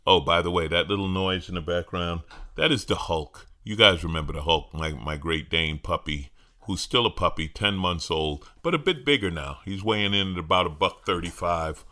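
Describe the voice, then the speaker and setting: A middle-aged man with a very low voice hosts a solo podcast from his home. His tone is bright and forward, and his delivery is wry and chatty, with restarts as he works into each thought. It sounds like a relaxed talk-show monologue. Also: moderate pace. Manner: wry, conversational, repeats words when starting sentences. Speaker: podcast host, comedian. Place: at home with his dog nearby.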